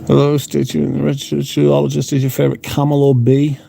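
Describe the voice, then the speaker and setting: A man's voice: mid-range voice, monotone, a little fast, vocal fry, dark tone. A man hosting a livestream, chatting casually, reading out viewer comments, and swearing bluntly. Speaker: livestream host. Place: room at home.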